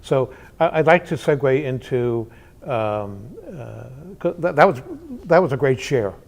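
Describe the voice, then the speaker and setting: A man's voice: mid-range voice, lively intonation, unhurried, vocal fry. A man hosting an interview, asking questions with many fillers and restarts. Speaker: interview host.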